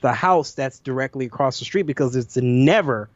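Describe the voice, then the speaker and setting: A man co-hosting a podcast, telling a nightmare story in an animated, profane way and acting out his own lines. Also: mid-range voice, moderate pace, no room sound. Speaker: podcast co-host. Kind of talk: casual storytelling chat. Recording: dull lo-fi audio, dry.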